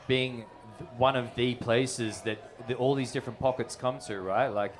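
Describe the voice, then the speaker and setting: A man's voice: medium pitch, fairly even intonation. Joking man hosting a podcast. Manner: joking, teasing, halting with restarts. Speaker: podcast host. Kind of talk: casual live podcast chat. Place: live podcast in a bar venue.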